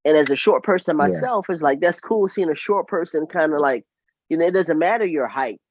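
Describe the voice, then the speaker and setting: A man hosting a casual podcast chat, enthusiastic and rambling, with quick apologetic asides. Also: a little high, lo-fi sound, a little hiss or hum. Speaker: podcast host.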